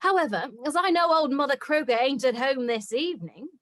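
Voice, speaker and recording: A woman's voice: expressive, brisk, fairly bright tone. A woman reading a florid lovesick soldier. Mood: mock-heroic. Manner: mock-grand, old-fashioned lower-class diction. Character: adult male soldier suitor, comic and florid. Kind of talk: script read-through.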